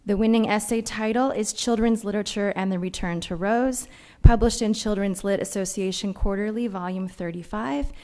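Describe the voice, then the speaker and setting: A woman's voice: mid-range voice, fairly even intonation, mellow. Woman announcing academic essay awards. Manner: measured, formal reading. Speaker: award presenter. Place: banquet hall.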